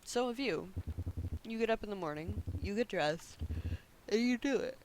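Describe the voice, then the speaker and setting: A man reading the lines of a gentle older father who soothes his grown daughter in a soft, reassuring way. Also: sits high, animated, normal speed, slight background noise, rough recording.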